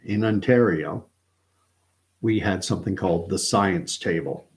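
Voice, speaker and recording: A man's voice: deep voice, a little slow. A middle-aged man hosting a livestream, talking through his views in a rambling, earnest way, often correcting himself mid-sentence. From Canada. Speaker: livestream host. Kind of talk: casual opinion monologue.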